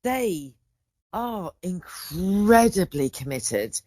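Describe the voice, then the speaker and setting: A woman's voice: fairly low pitch, very animated, slow, darkish tone, no room sound. A woman in her forties chats on a podcast, drifting from one story to the next. She keeps breaking off and restarting her sentences, and the voice sounds dry and close. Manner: rambling, self-interrupting storyteller. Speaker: podcast guest. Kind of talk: casual chat.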